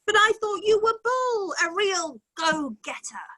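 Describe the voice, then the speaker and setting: A woman's voice: extremely high pitch, sing-song, measured pace, pushed and bright, exaggerated voice. A woman voicing a mocking female interrogator in an online script reading, taunting and probing. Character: mocking female interrogator, mother-daughter-holy-spirit figure. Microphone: video call mic.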